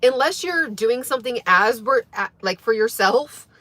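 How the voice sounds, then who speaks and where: A woman's voice: fairly high pitch, lively intonation, moderate pace, fairly bright tone, dry recording. A woman hosting a casual livestream for her wellness channel, talking earnestly to viewers with lots of fillers and emphasis. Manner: earnest, emphatic, filler-heavy, often asks "right?".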